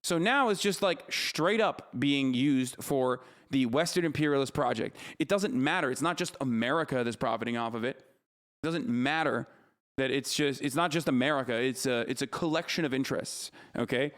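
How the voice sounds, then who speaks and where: A man's voice: medium pitch, moderate pace, a bit bright. A man streaming live, ranting heatedly about politics, cursing freely and answering his chat. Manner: heated, profane, argumentative. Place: streaming studio.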